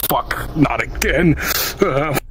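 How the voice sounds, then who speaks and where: A man's voice: fairly high pitch, animated, slow pace, a loud crowd, rough recording. A man playing a horror game in voice chat with friends, jumpy and joking, swearing often. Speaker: VRChat player. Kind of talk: casual gaming banter.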